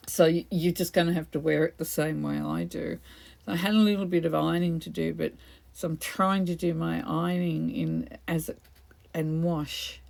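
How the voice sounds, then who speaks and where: Gravelly-voiced chatty woman. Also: sits low, darkish tone. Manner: chatty, rambling, laughs often. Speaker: craft video host. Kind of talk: casual crafting chat.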